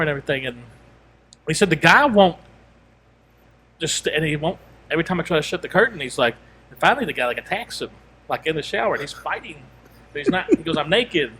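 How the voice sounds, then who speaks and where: A man's voice: fairly high pitch, sharp tone, slight background noise. A man co-hosting a podcast, telling a long story in casual chat and rambling through quoted asides and restarts. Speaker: podcast co-host.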